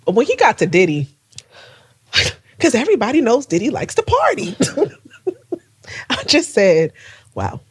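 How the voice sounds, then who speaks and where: Woman, podcast co-host, casual chat, lively melody, frequent laughs. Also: a little high, slow pace, pauses often, slightly rough. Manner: laughs often, emphatic and lively.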